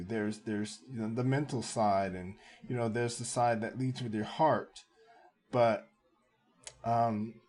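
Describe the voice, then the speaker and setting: A man's voice: medium pitch, a little mellow. A man giving reaction commentary on video clips, lecturing and emphatic, repeating his points.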